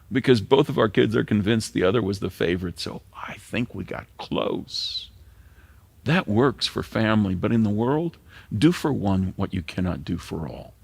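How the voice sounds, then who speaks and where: A man's voice: lowish voice, creaky, dry recording. A middle-aged man, a pastor preaching an earnest sermon that sometimes drops to a near whisper.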